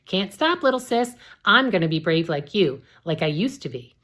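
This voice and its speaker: A woman voicing a manic young woman who talks rapidly and breathlessly, in a storybook reading. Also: lowish voice, wildly swooping pitch, darkish tone, slightly rough, voice pushed up, heavily acted. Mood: giddy, manic. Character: manic young woman, reckless older sister.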